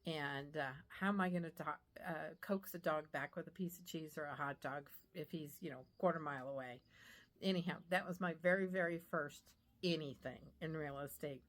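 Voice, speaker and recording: Lower-pitched woman telling a story. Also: normal speed. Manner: animated, acts out quoted voices. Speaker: real estate agent. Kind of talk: casual storytelling.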